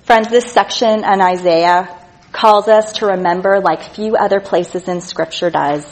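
A woman's voice: mid-range voice, fairly even intonation, low-quality recording. Earnest woman preaching a sermon. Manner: earnest, emphatic reading of scripture with slow stressed words; drops soft and quiet on tender lines. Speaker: speaker at a church gathering.

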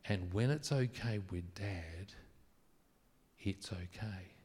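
A man preaching a sermon, earnest and emphatic at times, then soft and intimate. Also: low-pitched, takes it slowly, husky. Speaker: pastor. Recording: long hall reverb.

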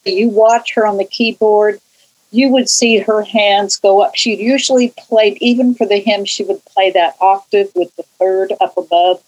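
A woman's voice: mid-range voice, steady tone, normal speed, dull audio. Chatty older woman telling stories. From California. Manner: rambling, warm recollection with frequent restarts and tangents. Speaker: interviewee, church choir member. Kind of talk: casual conversational storytelling.

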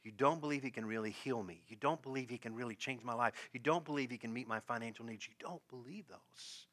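A man's voice: medium pitch, fast talker, a bit bright. A man preaching a sermon, acting out quoted voices and often laughing as he speaks. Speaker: pastor.

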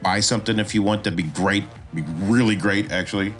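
A man with a lowish voice hosting a podcast, teaching screenwriting in a loose, conversational way. He talks with lively swings of pitch and often restarts his sentences. Faint music plays softly underneath. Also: a little fast. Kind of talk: casual instructional talk.

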